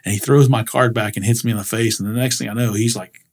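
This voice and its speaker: A man talking as a guest in an interview, telling animated anecdotes and laughing often. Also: medium pitch, fast talker, breathy edge. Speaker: commercial real estate broker guest. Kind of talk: casual interview storytelling.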